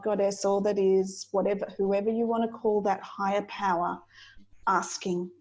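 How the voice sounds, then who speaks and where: A woman coach, a guest on a podcast, talks in an earnest, heartfelt way. Her voice sits at an ordinary middle pitch, and her manner is gentle and sincere. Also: low-quality recording. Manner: earnest, heartfelt spiritual sharing. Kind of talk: casual interview chat.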